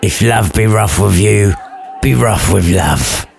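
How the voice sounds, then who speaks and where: A man's voice: lowish voice, takes it slowly, gravelly, soft background music, some chatter behind, full character voice. A man voicing a teasing young male friend in a comic storybook retelling, mocking and playful.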